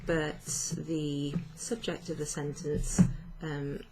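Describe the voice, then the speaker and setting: A woman's voice: low voice, flat delivery, takes it slowly, loud music behind the voice. A woman teaching a French lesson, explaining patiently with fillers and self-corrections. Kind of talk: online language lesson.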